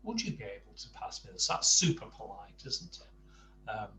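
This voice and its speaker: A man teaching a Spanish lesson to adult learners, explaining slowly and patiently with frequent ums and uhs. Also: fairly low pitch, sing-song, pushed and bright. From England. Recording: distant mic with faint hum.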